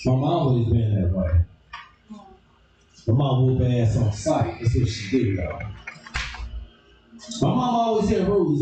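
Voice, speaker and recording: A man doing stand-up, telling stories and acting out people with sudden shouts. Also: measured pace, long pauses, very echoey, recorded from a distance, music in the background, poor audio. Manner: animated, acts out characters with sudden shouted high squeals. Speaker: stand-up comedian. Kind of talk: stand-up storytelling.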